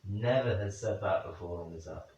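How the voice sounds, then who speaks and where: At night in a room, a man investigating the paranormal thinks aloud during a vigil, speculating and calling out questions to spirits. His low voice moves at a moderate pace and sounds a little mellow. The recording is very echoey, distant, dull and lo-fi, with slight background noise.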